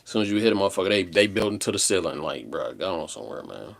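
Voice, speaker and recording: A man chatting casually on a livestream, rambling in a slangy, laid-back way with animated outbursts. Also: low voice, very fast, vocal fry. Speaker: live streamer.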